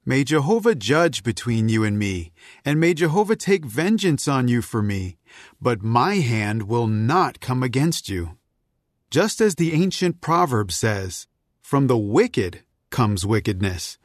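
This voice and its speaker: An actor playing an earnest young warrior-leader who pleads passionately in a dramatized scripture reading. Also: male voice, mid-range voice, big pitch swings, a little slow, no room sound, clean studio sound. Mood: pleading.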